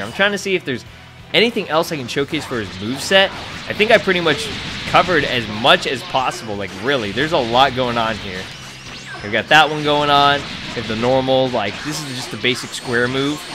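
A young man giving excitable, profanity-laced commentary over his gameplay, laughing often. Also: mid-range voice. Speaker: gaming YouTuber.

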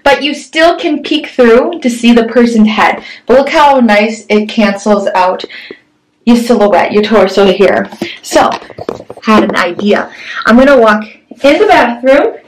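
A young woman chats through a home product review, upbeat and loose, her fillers tumbling in. Her voice sits slightly high. It bounces around a small echoey bathroom with faint background noise. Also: unhurried. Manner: chatty, upbeat, with frequent "um" and "like". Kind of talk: casual product review vlog. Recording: echoey bathroom, mic at a distance.

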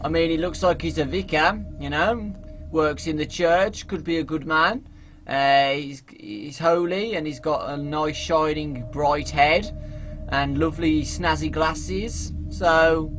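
A young man from England doing jokey, animated let's play commentary as a gaming video host, often yelling at the game. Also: on the high side, measured pace, over music.

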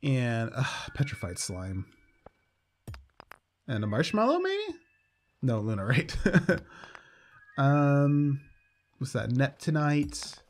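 A man's voice: mid-range voice, wildly swooping pitch, slow, long pauses. A man casually commenting on his gameplay, upbeat and chatty with dry sarcastic asides. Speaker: let's play host.

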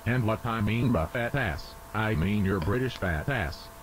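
A synthetic man's voice playing a protective, foul-mouthed father in a cartoon, flat delivery. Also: on the low side, measured pace, slight background noise, low-quality recording. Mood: stern.

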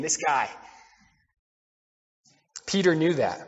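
Male pastor, high voice, earnest sermon delivery with loud and soft swings; dull, reverberant church recording. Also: lively intonation, slow pace, pauses often. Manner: earnest preaching, swings between loud declarations and quiet asides.

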